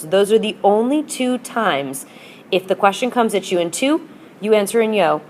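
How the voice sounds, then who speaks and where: A woman's voice: mid-range voice, expressive, unhurried, darkish tone, slight background noise. A woman teacher explaining grammar in a patient, upbeat lesson and modelling example phrases for students. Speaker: Spanish teacher. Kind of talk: recorded classroom lesson.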